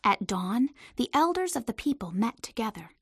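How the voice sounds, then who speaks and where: A woman reads a storybook aloud with lively, expressive narration. Her voice is bright and a little high, and the recording is close and dry. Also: normal speed, slightly rough, no echo.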